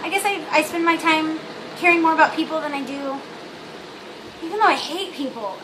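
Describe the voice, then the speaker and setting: A young woman talking casually in a vlog, bubbly and blunt, rambling with lots of fillers like a Valley girl. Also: high-pitched. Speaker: vlogger. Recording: noisy home recording.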